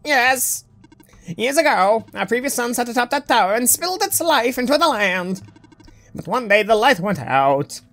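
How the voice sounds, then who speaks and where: A woman voicing a formal robot who speaks grandly and solemnly while explaining a dark world. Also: fairly high pitch, sing-song, normal speed, slight background noise, voice pushed up. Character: eager, formal robot who greets a savior.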